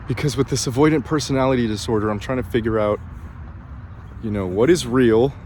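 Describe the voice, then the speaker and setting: A breathy man speaks in a confessional personal vlog. His voice sits at an ordinary middle pitch and has a slightly complaining tone. He stumbles through fillers and restarts while faint outdoor noise hums underneath. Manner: hesitant, many fillers and restarts. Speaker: vlogger.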